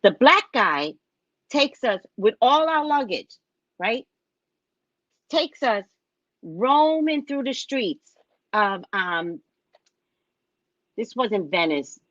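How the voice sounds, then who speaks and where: A woman hosting her show, casually telling a funny travel story, animated and acting out what people said, often asking "right?". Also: a little high, slow, long pauses, dry recording, dull audio. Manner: animated, acts out other people's lines; frequent tag question "right?". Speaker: show host and psychic reader.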